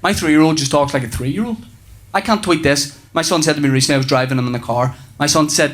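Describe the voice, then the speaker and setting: A man doing a stand-up routine, acting out stories about his young son and swearing as he goes. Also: fast talker. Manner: animated storytelling, swearing, acting out his kids in a high voice. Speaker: stand-up comedian. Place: comedy club stage with audience laughter.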